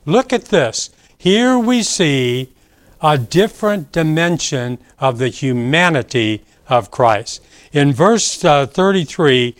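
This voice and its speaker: Male pastor, unhurried emphatic sermon voice, dry recording. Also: fairly high pitch, very animated, dry recording. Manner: slow, emphatic preaching with rising emphasis. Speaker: preacher.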